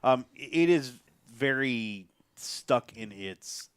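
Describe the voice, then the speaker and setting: A man's voice: mid-range voice, lively intonation, takes it slowly, smooth, no room sound. A man hosting a casual tabletop game podcast as game master, easygoing and teasing.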